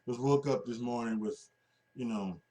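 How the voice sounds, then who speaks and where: A man hosts his own wrestling podcast, talking off the cuff with lots of fillers and false starts. He sounds a bit sleepy, and his voice sits at an ordinary middle pitch. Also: moderate pace, warm tone. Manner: rambling, many restarts and fillers. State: sleepy, yawning. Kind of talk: casual solo podcast talk.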